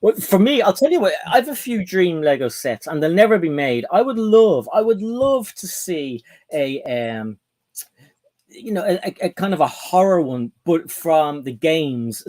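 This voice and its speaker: A man's voice: fairly high pitch, a little mellow. A man hosting a casual livestream chat, rambling on and reading out viewer comments. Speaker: host.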